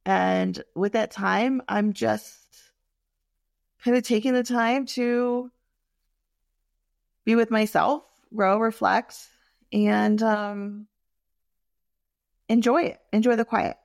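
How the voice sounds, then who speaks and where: A woman candidly telling personal stories in a frank, expressive way, full of fillers and asides. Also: mid-range voice, slow, gravelly, pauses often, no room sound, studio quality.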